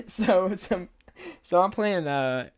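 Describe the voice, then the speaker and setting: A man's voice: high voice, expressive, very slow, no echo, clean studio sound. A young man on a podcast, casually rambling through a story and laughing often as he talks. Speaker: podcast co-host.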